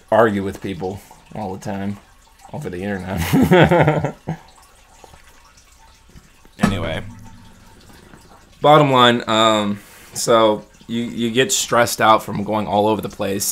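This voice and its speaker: Guy with a lowish voice venting on his vlog, rambly, heats up then trails off, keeps restarting. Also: slow, pauses often, a bit bright. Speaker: vlogger. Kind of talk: casual check-in monologue.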